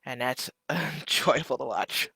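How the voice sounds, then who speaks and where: A man's voice: mid-range voice, takes it slowly, creaky, bright, forceful tone, slightly rough, no room sound, studio quality. A man hosting a casual live stream, reading viewers' messages aloud and answering with joking asides.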